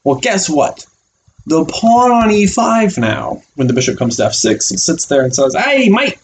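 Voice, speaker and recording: A man as a chess coach giving an online chess lesson, animated and playful, acting out the pieces as little characters. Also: fairly high pitch, moderate pace, slight background noise.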